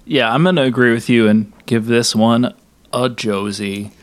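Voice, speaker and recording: A man's voice: medium pitch, moderate pace, smooth. A man co-hosting a podcast in casual chat, wry and joking. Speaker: podcast co-host.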